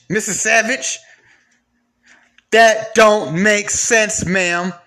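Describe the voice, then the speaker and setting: A man's voice: high voice, a bit bright. A man delivering an angry, profane rant to camera, firing off repeated rhetorical questions.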